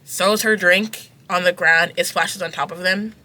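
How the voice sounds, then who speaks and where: Young adult vlogger, very bright tone, chatty book review, filler-heavy. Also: mid-range voice, steady tone, measured pace. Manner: chatty, filler-heavy, lots of "like" and "you know what I mean". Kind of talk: casual book review chat.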